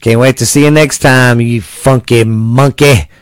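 A man's voice: mid-range voice, steady tone, measured pace, smooth, no echo. Laid-back male podcast host. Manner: laid-back, rambling, lots of fillers. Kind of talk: casual podcast chat.

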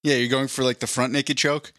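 Man, mid-pitched, dry close sound; loose, rambling co-host telling self-mocking stories. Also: little pitch movement, brisk, fairly bright tone, dry recording. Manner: rambling, self-deprecating storytelling. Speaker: podcast co-host. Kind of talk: casual chat.

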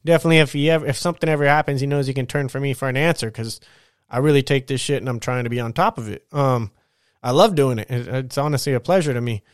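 A man's voice: medium pitch, fast talker, clean tone, no room sound, clean studio sound. A man hosting his podcast at home, telling a work story in a casual, rambling and profane way. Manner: rambling, profane, animated retelling. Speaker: podcast host. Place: at home getting ready for bed.

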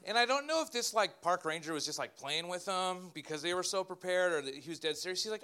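A man, a pastor, preaching a sermon in an animated way with joking asides to his congregation. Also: high-pitched, fast talker, few pauses, clean tone.

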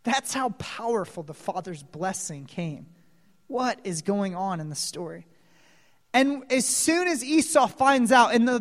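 Man preaching, lively storyteller, quizzes the audience, speaks slowly; large echoing hall. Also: high voice. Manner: animated storyteller, asks the audience questions. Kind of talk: sermon retelling a Bible story. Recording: long reverb of a large hall.

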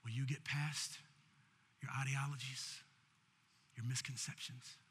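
A man preaching as pastor speaks at a measured pace, with a medium, fairly bright voice and little pitch movement. His sermon builds in intensity and uses call-and-response. Slight background noise includes faint keyboard music.

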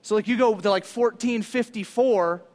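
A male pastor preaching a sermon in an animated, casual, conversational way, using slang. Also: high voice, normal speed.

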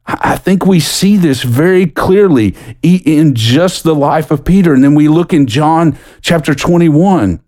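A middle-aged pastor from the United States preaches a sermon earnestly. He lifts his voice and quickens as he gets stirred, then drops low and soft when reading scripture.

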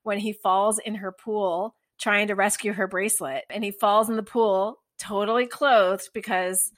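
A woman co-hosting a podcast, casually weighing up a drama series and sometimes speeding up when she gets excited. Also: medium pitch, a little slow. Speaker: podcast co-host.

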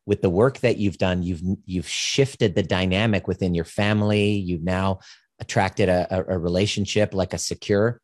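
Deep-voiced male podcast host. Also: steady tone, moderate pace, no room sound, clean studio sound. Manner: reflective, summarizing, many affirming murmurs. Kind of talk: interview conversation.

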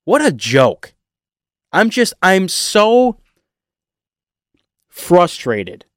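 A man delivering a heated, emotional sports rant to his viewers, animated and sarcastic. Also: sits high, extremely slow, dry recording, studio quality. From Detroit area. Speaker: sports fan vlogger. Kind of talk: ranting sports commentary.

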